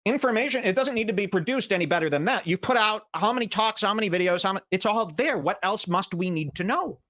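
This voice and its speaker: A man hosting a podcast who reacts to clips with sarcastic, mocking commentary. His voice sits fairly high and swings widely in pitch. He tells animated stories and mimics the people he talks about. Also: quick pace. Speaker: podcast host.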